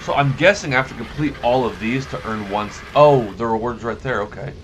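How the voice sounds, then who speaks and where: A man's voice: medium pitch, brisk. A man giving casual let's-play commentary, rambling and correcting himself as he goes, easily amused by what happens in the game. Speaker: gaming YouTuber. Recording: noticeable background noise.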